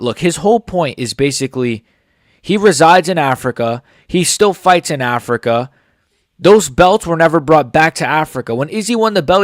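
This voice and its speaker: A man's voice: on the high side, no echo, clean studio sound. Blunt, opinionated man ranting. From United States. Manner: blunt, opinionated, swears often. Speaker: MMA commentary channel host. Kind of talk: casual reaction commentary.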